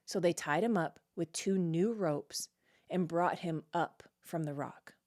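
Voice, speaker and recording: A woman's voice: lowish voice, unhurried, darkish tone. Chatty woman teaching Bible study. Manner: conversational, reads a verse then reacts and explains in plain talk; frequent "like" and "right?" checks with the listener. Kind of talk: casual verse-by-verse Bible teaching.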